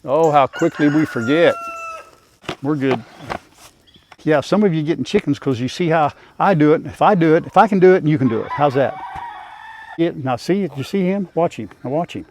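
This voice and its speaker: A man's voice: fairly high pitch, normal speed, a little mellow, a little hiss or hum. Folksy older man talking to chickens. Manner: folksy rural drawl, talks to his animals. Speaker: farm vlogger. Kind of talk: casual farm vlog. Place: outdoors in a chicken coop.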